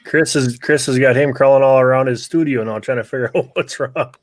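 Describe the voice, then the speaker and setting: An easygoing man bantering on a live stream, joking around with the others. His voice is mid-pitched and recorded dry and close, with no room echo. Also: fairly quick. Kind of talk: casual live-stream chat.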